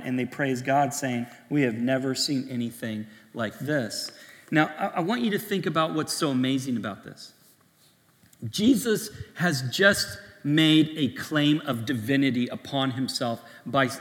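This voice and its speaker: A man preaching a sermon to young adults, in a conversational style full of restarts and lively asides. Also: medium pitch, in a large hall.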